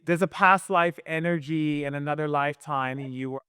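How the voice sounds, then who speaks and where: Man, shaman, calm directive healer, ritual chanting, smooth resonant voice, dry close sound. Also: on the high side, moderate pace, no echo. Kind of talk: live energy healing session.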